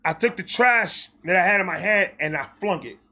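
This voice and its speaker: A storyteller host from New York, with a New York accent, tells a personal story in an animated, profane style. He talks at a normal speed, swinging between loud bursts and low, muttered asides.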